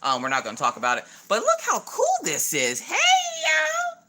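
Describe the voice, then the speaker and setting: A woman's voice: low-pitched, huge pitch swings, moderate pace, gravelly, sharp tone, a little hiss or hum. A woman hosting a casual craft livestream, playfully greeting chat viewers by name and joking with them as she unboxes.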